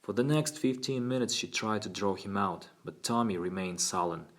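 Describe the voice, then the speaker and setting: Deep-voiced male audiobook narrator. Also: normal speed. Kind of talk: scripted narration.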